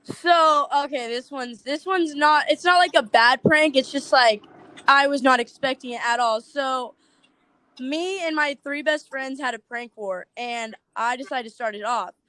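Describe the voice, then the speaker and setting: Giggly high-voiced young woman. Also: measured pace, no echo. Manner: giggly, animated storyteller, acts out friends' lines. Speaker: guest TikTok creator. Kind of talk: casual podcast storytelling.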